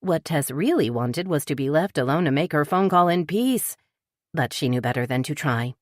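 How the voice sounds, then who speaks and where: Low-voiced woman audiobook narrator. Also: normal speed, no room sound, clean studio sound. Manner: lively character reading. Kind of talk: scripted narration.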